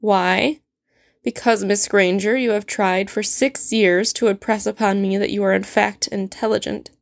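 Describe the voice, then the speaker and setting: A woman's voice: mid-range voice, fairly even intonation, measured pace, vocal fry, dry recording, studio quality. A woman reading a story aloud, voicing a stern, sardonic male potions professor who speaks in a cold, clipped and cutting way. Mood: cold, scornful.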